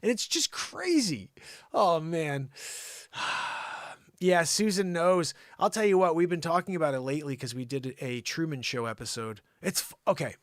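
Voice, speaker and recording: With a fairly high pitch and a moderate pace, this middle-aged man runs a livestream full of rambling, animated casual talk and sudden impressions. The sound is clean studio audio with no echo.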